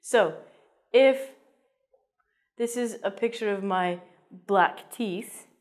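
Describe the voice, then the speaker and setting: A woman's voice: mid-range voice, very slow. A woman teaching an English vocabulary lesson in a playful, jokey way, with theatrical asides.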